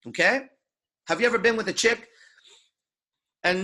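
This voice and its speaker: Man, seduction coach, crude and swearing, forceful bright voice, a bit high. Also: animated, normal speed, long pauses. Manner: crude, emphatic, swears constantly. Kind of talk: profane motivational lecture.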